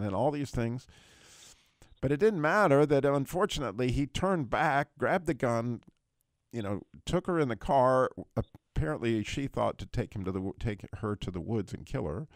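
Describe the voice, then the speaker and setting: A man's voice: mid-range voice, moderate pace, no echo, clean studio sound. A middle-aged man hosting a radio prayer show, retelling a dramatic testimony in casual chat, his voice jumping up at the emotional peaks. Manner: animated storyteller, voice leaping up at emotional peaks.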